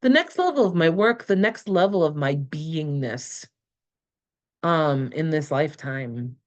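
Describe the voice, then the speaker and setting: A woman's voice: deep voice, lively intonation, unhurried. A middle-aged woman talking through a tarot reading in a rambling, emotional way, with many fillers and restarts. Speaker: tarot channeler. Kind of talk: casual spoken reflection.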